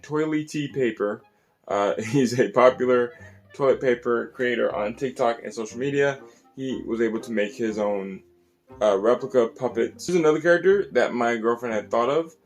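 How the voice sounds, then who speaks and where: A man hosting a casual tour of his puppet collection, in a chatty, animated way. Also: medium pitch. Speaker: puppet collector and channel host.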